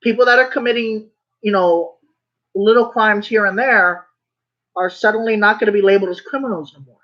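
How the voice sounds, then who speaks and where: A vlogger in a loose, rambling rant, circling back to the same phrases with emphatic insistence and an occasional curse. The voice sits at a middling pitch. The recording has a slightly dull, muffled tone. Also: moderate pace, long pauses, fairly bright tone. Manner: swears when worked up. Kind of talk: casual monologue rant.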